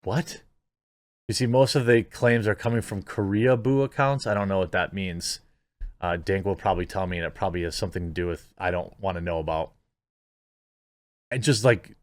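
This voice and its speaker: A man's voice: lowish voice, normal speed, dry recording. A man hosting casual online commentary, rambling and incredulous, with frequent filler words. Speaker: YouTube commentary host.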